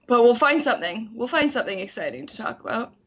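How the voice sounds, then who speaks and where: A woman's voice: on the high side, animated, fast talker, creaky, fairly bright tone, a little hiss or hum. A woman guesting on a podcast, chatting animatedly and laughing easily. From Canada. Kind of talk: casual chat.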